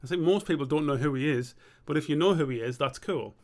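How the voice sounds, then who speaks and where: A man's voice: fairly high pitch, fast talker. A young man streaming live as an animator, chatting casually and thinking aloud in a rambling, sweary way.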